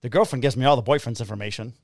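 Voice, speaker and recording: A middle-aged man, a police officer, telling a story in a casual, profane, animated way. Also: medium pitch, very fast, dry recording, clean studio sound.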